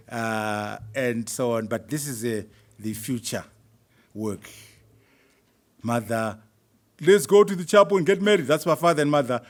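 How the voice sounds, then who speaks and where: Animated man speaking at a book launch. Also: fairly high pitch. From Zimbabwe. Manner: animated, chuckling asides to the audience. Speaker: author presenting his book. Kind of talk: lively speech at a book launch. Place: university hall at a launch event.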